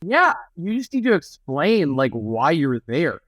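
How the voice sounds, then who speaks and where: A man's voice: fairly high pitch, big pitch swings, a little slow, a bit bright, no room sound. A young man co-hosting a podcast, chatting casually and rambling with many restarts. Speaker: podcast co-host. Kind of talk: casual chat.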